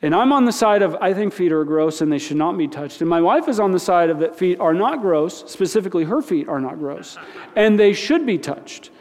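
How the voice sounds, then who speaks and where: In a large hall with long reverb, a pastor preaches a conversational sermon, informal and repetitive, putting questions to his listeners. His voice sits high with a darkish tone, lively intonation and a slightly quick pace.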